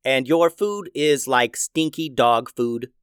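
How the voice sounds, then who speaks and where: A man's voice: medium pitch, animated, slow pace, a bit bright, smooth, no room sound, clean studio sound. A man voicing a robot pizza cook that speaks in stiff, formal phrases.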